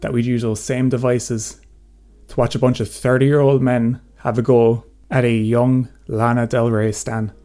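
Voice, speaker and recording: A man's voice: mid-range voice, level tone, a little slow, warm tone, soft background music. A nineteen-year-old man giving a sarcastic, profane commentary rant in a casual way. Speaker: commentary YouTuber. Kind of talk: ranting commentary.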